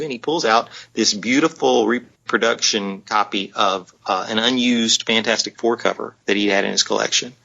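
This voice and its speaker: Guy guest on a podcast, lowish bright voice, kinda rambly, muffled lo-fi line. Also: normal speed, creaky, few pauses. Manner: rambling, many fillers and restarts. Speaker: guest, publisher. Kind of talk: casual storytelling on a podcast. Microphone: on the phone line. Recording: dull lo-fi sound.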